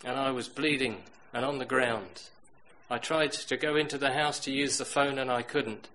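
Middle-aged male preacher, mid-pitched, lively sermon storyteller; light noise under the voice. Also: moderate pace, rough recording. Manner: storytelling, swings from loud emphatic to quiet.

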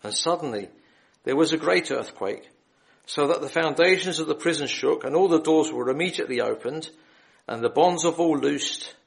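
Male lay preacher in a hall, fairly high and a bit gravelly, earnest scripture reading and appeals. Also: normal speed. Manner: earnest, reads scripture then appeals to listeners directly. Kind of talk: gospel preaching.

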